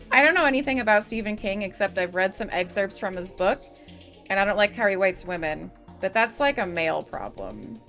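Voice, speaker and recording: A woman's voice: medium pitch, sing-song, moderate pace, fairly bright tone. Young woman from the Midwest, game streamer, mid-range voice, rambling and giggly with lots of cursing, faint music underneath. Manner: rambling, giggly, swears freely. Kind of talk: casual gaming stream chatter.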